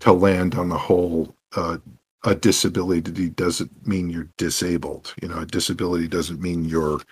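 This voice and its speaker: A man, a game master and podcast guest, telling stories in a rambling, animated way full of restarts and asides. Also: sits low, moderate pace, slightly rough.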